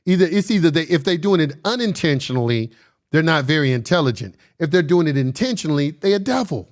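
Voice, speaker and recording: A man's voice: on the high side, expressive, quick pace. A man giving casual commentary, reading verses aloud and arguing bluntly and emphatically, often laughing. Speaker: commentator reading and discussing scripture.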